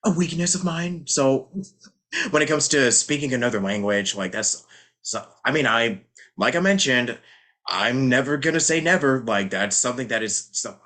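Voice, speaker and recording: Host, male, lively rambling delivery, bright edge to the voice. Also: medium pitch, normal speed. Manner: rambling, many fillers and restarts, acts out quotes. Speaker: podcast host. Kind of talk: casual interview chat.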